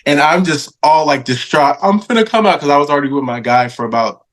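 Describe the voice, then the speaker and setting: A man in his thirties who talks in an easy, animated way as a guest on a podcast. His voice sits on the high side for a man. He laughs often and acts out the lines of people in his stories. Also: fast. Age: 30s. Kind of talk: casual storytelling interview.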